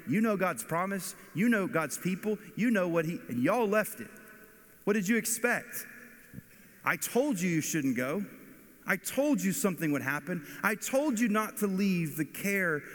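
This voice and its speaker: A man's voice: sits high, expressive, measured pace, pitched above the performer's own voice. A man voicing a judgmental villager who scolds and points the finger, heard in a reverberant hall. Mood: scolding.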